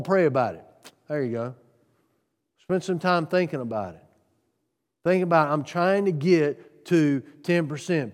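A man preaching a sermon on giving, earnest, piling up rhetorical questions and swinging from loud to soft. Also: a little high, in a large hall. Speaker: pastor.

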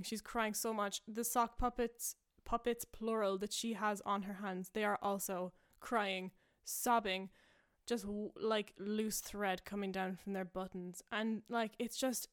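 A young woman with a clean, mid-range voice hosts a podcast, casually rambling through a made-up story. She fills it with fillers and self-amused asides.

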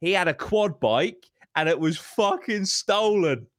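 A man's voice: sits high, animated, a little slow, fairly bright tone, dry recording, studio quality. A man, hosting a podcast and telling a story in casual chat, swearing heavily and ranting with animation. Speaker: podcast host.

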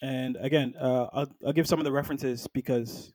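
A man in casual film talk, animated and chatty, often dropping into short impressions of characters. His voice sits in a middle register. It sounds dry and close, with little room around it. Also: medium pitch, normal speed, no echo. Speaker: podcast co-host.

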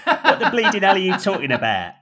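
A man's voice: high-pitched, wildly swooping pitch, a little fast, pushed and bright, husky, pitched above the performer's own voice, exaggerated voice. A man voicing a cheeky Cockney street trader in a comedy podcast sketch. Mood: brash. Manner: brash and unhelpful.

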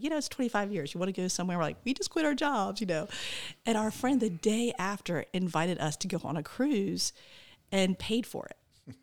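A woman in her forties, a missionary guest, telling her story in animated casual testimony full of "like"s. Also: low-pitched, vocal fry. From North Carolina, USA. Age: 40s.

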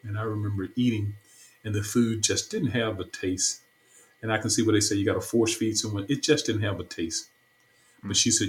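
A man's voice: on the low side, fairly even intonation, brisk, a little hiss or hum, poor audio. A man, a church stake president, earnestly telling a personal story in an interview, often repeating himself.

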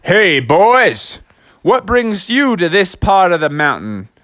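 A man puts on a friendly backwoods frontiersman for a children's storybook. He speaks slowly and easily. The sound is close and dry. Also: high-pitched, big pitch swings, a bit bright, no echo, full character voice. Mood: folksy.

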